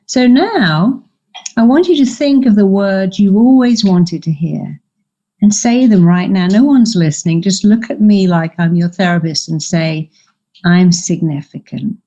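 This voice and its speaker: Older woman therapist, mellow dark voice, kinda muffled audio, emphatic, acts out little quotes. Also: medium pitch, animated, unhurried. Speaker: therapist and guest speaker. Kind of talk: podcast interview, coaching advice.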